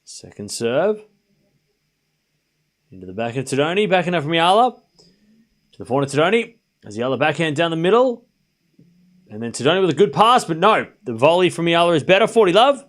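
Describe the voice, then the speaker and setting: A man's voice: fairly high pitch, very animated, fairly quick, long pauses, a bit bright. A young Australian man streaming live tennis commentary, calling points and bantering with his chat. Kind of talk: live watchalong commentary, chatting with viewers.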